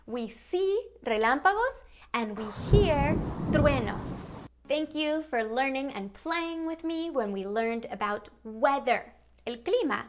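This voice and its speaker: A woman hosting a bilingual lesson for toddlers, speaking slowly and coaxingly in a sing-song way to small children. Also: sits high, expressive, slight background noise. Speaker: children's Spanish teacher host.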